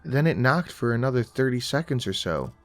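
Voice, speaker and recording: A man narrating a first-person horror story in a calm, conversational storytelling manner. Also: mid-range voice, a little fast, no echo, soft background music.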